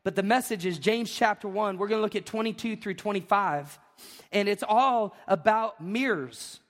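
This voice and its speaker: A pastor preaches with fire, his unusually high voice climbing to shouts before dropping into easy, joking asides. The sound rings with the long reverb of a church sanctuary. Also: moderate pace. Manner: fervent, shouting at peaks, conversational asides. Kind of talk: sermon.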